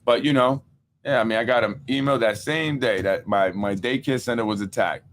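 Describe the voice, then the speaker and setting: A man hosts his own political podcast, venting in a casual, street-smart way and circling back over the same points. His voice sits at a middle pitch, with faint noise in the background. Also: moderate pace. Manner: animated, repeats himself, street-casual. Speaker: podcast host.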